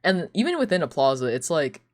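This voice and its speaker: A young woman streamer telling casual stories, animated and laughing often, with lots of "like.". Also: deep voice, brisk. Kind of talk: casual storytelling chat.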